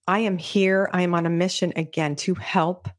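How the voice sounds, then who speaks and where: A woman's voice: fairly low pitch, little pitch movement, normal speed. A middle-aged woman hosting a podcast, explaining child behavior to parents in an earnest, teaching way, sometimes acting out a parent's or a child's words. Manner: earnest, explanatory, acts out parents' and kids' voices. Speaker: podcast host, children's sensory specialist. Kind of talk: solo podcast talk.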